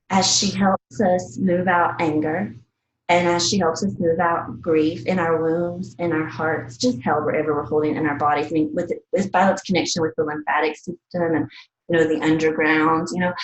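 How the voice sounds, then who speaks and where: A woman's voice: lowish voice, reverberant, a little hiss or hum, low-quality recording. A woman from the American South, an herbalist teacher, speaking in an earnest, reflective way and often laughing and acting out little bits of dialogue. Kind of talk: reflective casual talk.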